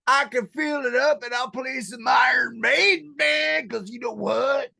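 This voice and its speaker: A man voicing a loud, drunk Southern redneck rock fan who swears and shouts his rants. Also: very high voice, a little slow, vocal fry, voice pushed up, heavily acted. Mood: rowdy. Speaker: podcast co-host.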